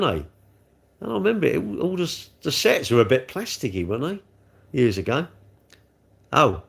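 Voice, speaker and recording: Man in his sixties, gravelly and animated, hosts a live stream and banters with the chat. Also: mid-range voice, normal speed, long pauses. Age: 60s. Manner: chatty, jokey, answering viewers' comments. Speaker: livestream host reading chat.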